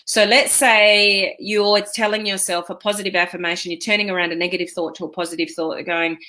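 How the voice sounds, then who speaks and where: Chatty woman with a bright voice. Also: lowish voice, flat delivery, fast talker, few pauses. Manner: chatty, encouraging, with many fillers and quoted self-talk. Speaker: online business coach. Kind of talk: casual motivational talk to an online community.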